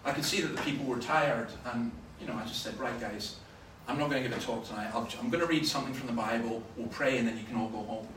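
A Scottish man preaching a sermon, telling stories with sudden loud bursts of emphasis. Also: mid-range voice, fast talker, hardly any pauses. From Scotland. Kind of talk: sermon with anecdotes. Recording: roomy, from far off, faint noise.

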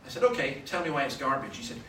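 A Scottish man preaching a sermon, telling stories with sudden loud bursts of emphasis. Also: medium pitch, sing-song, rapid-fire. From Scotland. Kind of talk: sermon with anecdotes. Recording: roomy, from far off, faint noise.

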